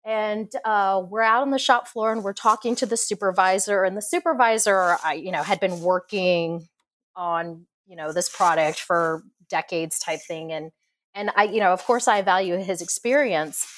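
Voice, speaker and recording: Expressive woman engineer in casual chat. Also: medium pitch, moderate pace. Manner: passionate, expressive, laughs often. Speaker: engineer guest on a podcast. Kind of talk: casual interview conversation.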